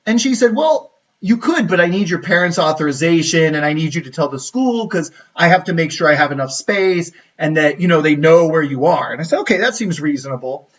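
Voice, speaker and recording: A man's voice: on the high side, a little fast, few pauses. A young man from the United States telling a school story in casual livestream chat, acting out the people he quotes. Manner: animated, acts out quoted people in his story. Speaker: college counselor, channel host. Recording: dull lo-fi audio from a distant mic.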